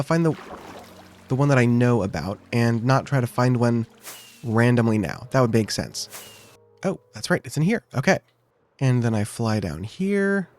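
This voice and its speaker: A man hosting a gaming video, casually talking through his gameplay, joking about himself and thinking out loud. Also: mid-range voice. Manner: chatty, self-joking, thinking aloud.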